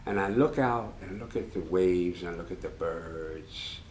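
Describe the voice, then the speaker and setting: A man talks about his craft in an earnest, reflective way, often dropping soft and low. His voice sits on the low side. He is recorded in his sewing studio, which sounds roomy, with a faint hiss underneath. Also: a little slow. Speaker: tailor and co-host. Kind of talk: casual chat.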